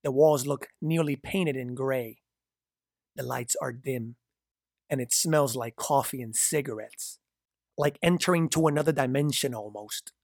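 List: male narrator, gravelly fry, dry close sound, measured storytelling. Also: mid-range voice, dry recording. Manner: measured, descriptive reading.

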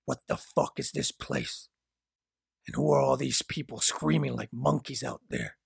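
A man's voice: mid-range voice, big pitch swings, unhurried, creaky, slightly rough, no room sound, clean studio sound, full character voice. A man reading a story, voicing an impatient, hardened young male killer in a terse, blunt way.

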